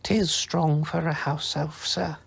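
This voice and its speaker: A man's voice: on the high side, fairly even intonation, vocal fry, slightly rough, voice pushed up, full character voice. A man voicing a devoted male house-elf who talks in an eager, humble way. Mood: earnest. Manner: eager, quick to scold.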